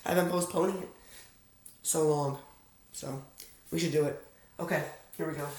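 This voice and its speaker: In an echoey room at home at night, a young American man who reviews fragrances rambles through an unboxing vlog, casual and self-aware with his viewers. His voice sits on the high side and is a little mellow, with fairly even intonation, a brisk pace and frequent pauses.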